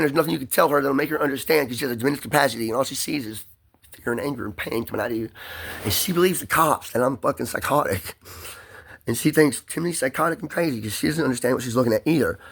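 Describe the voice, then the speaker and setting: A man's voice: fairly high pitch, creaky, fairly bright tone. Agitated man venting in a rambling rush. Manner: agitated, rambling, swears often; repeats and restarts words under strain. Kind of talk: emotional personal monologue.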